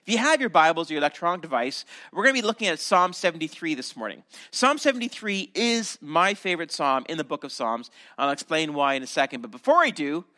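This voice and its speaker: A man's voice: on the high side, sing-song, fast talker, hardly any pauses, sharp tone. A Canadian man preaching a sermon as pastor, teaching animatedly with acted asides and restarts.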